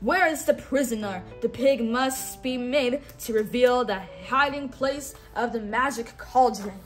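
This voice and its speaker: Storybook villain king, cold and commanding, fairly high voice, read by a woman, faint music behind. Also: a little slow, close to an everyday voice. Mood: demanding. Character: evil horned male king, cold and demanding.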